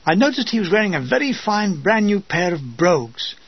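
Husky man telling war tales deadpan. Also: high-pitched, fairly quick, no room sound, dull audio. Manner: dry, deadpan comic timing. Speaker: narrator of his own war memoir. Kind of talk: comic audiobook narration.

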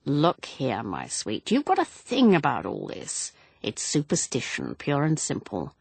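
A woman's voice: a bass voice, wildly swooping pitch, unhurried, gravelly, husky, no echo, heavily acted. A woman voicing a protective young husband in an audiobook, speaking in a pressing, emphatic way. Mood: coaxing. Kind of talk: audiobook character reading.

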